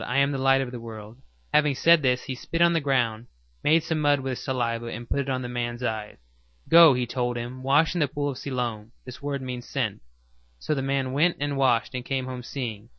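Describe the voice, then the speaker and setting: A man giving a steady, measured scripted reading of Bible passages. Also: medium pitch, no echo, lo-fi sound.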